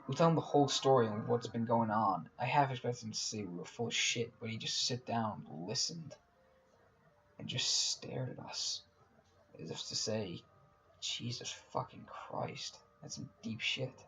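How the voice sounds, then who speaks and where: A man reading a horror story aloud in a casual, profane way, often dropping to a hushed whisper. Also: medium pitch, slight background noise, low-quality recording. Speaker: narrator.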